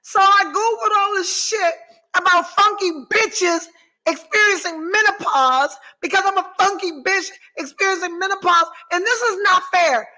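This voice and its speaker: A woman's voice: extremely high pitch, moderate pace, pushed and bright, low-quality recording. A woman in her forties hosting a podcast, chatting candidly and with lots of profanity, swinging theatrically between mock despair and laughter as she reads out viewer comments. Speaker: podcast host.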